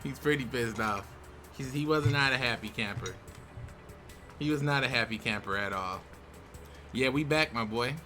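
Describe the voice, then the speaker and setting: Bright-voiced young man, laid-back chatter. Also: mid-range voice, normal speed, long pauses, faint music behind. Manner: relaxed, chatty, with sudden excited outbursts. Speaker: YouTube host. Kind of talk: casual commentary while opening game card packs.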